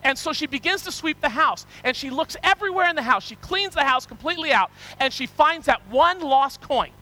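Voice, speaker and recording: A male preacher with a notably high voice delivers a sermon, retelling parables with animated energy. His tone is bright and ringing, and he often restarts or repeats words as he talks. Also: brisk, low-quality recording. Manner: animated storytelling, acting out parable characters. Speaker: pastor.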